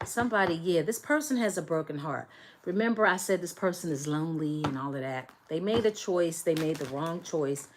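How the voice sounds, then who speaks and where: Woman, low voice, tarot reader, emphatic, repeats herself, talks straight to the viewer. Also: animated, a little fast, background noise. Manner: emphatic, repetitive, speaks directly to viewers. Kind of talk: collective tarot reading.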